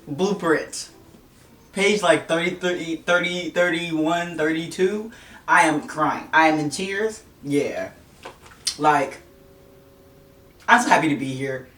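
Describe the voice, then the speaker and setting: A book vlogger chatting casually and excitably, gushing and quick to laugh. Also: medium pitch. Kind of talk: casual chat. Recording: roomy, distant mic, faint music.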